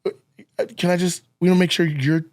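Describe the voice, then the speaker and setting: A man co-hosting a podcast, telling a profane, animated story and acting out scenes with sound effects. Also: high voice, moderate pace. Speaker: podcast co-host, comedian. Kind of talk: casual storytelling chat.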